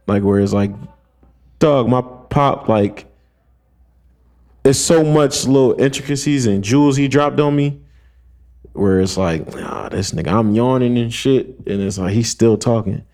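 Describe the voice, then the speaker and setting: A man's voice: medium pitch, unhurried, long pauses, a little mellow. A young man on a podcast, telling a long story in casual slang, acting out quotes and using lots of fillers. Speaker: podcast co-host.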